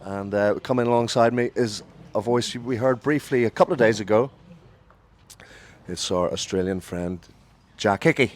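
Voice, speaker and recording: A man leading a radio cricket broadcast from a commentary booth, calling each ball in a lively way and correcting himself as he goes. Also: on the low side, moderate pace.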